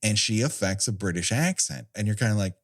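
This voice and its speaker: Low-voiced man, laughing podcast chat. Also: expressive, fairly quick, creaky. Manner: jokey, laughs often, slips into mock voices. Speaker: podcast co-host. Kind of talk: casual comedic film discussion.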